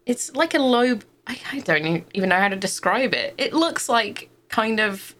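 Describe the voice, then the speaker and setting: A woman's voice: on the high side, very animated, moderate pace, fairly bright tone, a little hiss or hum. A woman co-hosting a podcast who chats casually, hesitating often and giggling. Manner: hesitant, giggly, lots of fillers. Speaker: podcast co-host. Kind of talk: casual chat.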